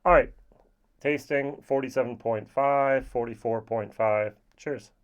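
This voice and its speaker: A man's voice: medium pitch, steady tone, measured pace, clean tone, highs cut off. Chatty European man reviewing whiskey. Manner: chatty, with playful asides. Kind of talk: casual spoken review.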